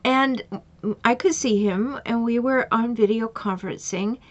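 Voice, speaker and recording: A woman's voice: on the high side, a little slow. A woman coach giving advice and retelling client stories, repeating pointed questions with emphasis. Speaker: relationship coach. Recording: dull lo-fi recording.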